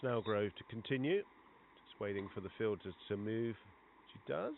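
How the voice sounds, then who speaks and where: A man with a lowish voice provides chatty live commentary on a cricket match at an outdoor ground, speaking at a normal speed. He's conversational between balls and grows excited on big shots, heard over a tinny, phone-like line with clear background noise.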